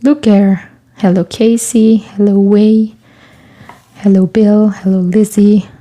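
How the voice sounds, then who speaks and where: A woman's voice: mid-range voice, fairly even intonation, takes it slowly, dull audio. A woman chatting casually on a live stream while crafting in her studio, greeting viewers by name and often dropping into a whisper. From Quebec, Canada. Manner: soft-spoken, often drops to a whisper while working. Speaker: artist livestreaming from her studio. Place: home art studio.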